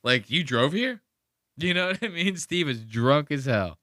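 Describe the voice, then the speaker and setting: A man hosting a podcast, reacting to a clip in profane, animated casual commentary and slipping into voices. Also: a little high, measured pace, no room sound, clean studio sound. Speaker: podcast host.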